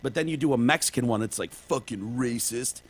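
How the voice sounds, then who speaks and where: A man with a medium-pitched voice co-hosts a casual podcast, talking a little fast as he rambles through examples and swears casually.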